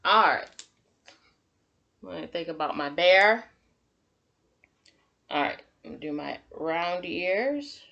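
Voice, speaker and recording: A woman teacher giving a gentle, encouraging drawing lesson to young children and talking through each step as she draws. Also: fairly low pitch, expressive, slow pace, creaky, long pauses, dull audio. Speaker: kindergarten teacher.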